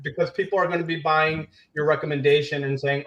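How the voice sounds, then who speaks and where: A man's voice: fairly high pitch, fairly even intonation, quick pace, a bit bright, lo-fi sound. A man on a casual market show pushing back bluntly and combatively, swearing as he argues.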